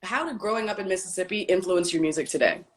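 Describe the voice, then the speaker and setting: A woman's voice: lowish voice, animated, fast talker, slight background noise. A woman hosting a casual interview, upbeat as she leads the questions. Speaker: host.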